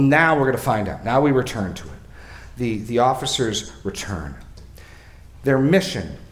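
A man's voice: mid-range voice, roomy sound. A male pastor preaching an expository sermon. He asks questions of his listeners and repeats phrases for emphasis.

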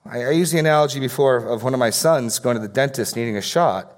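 A man's voice: mid-range voice, fast. A middle-aged male pastor preaching a sermon in a conversational way, often repeating words as he starts a phrase.

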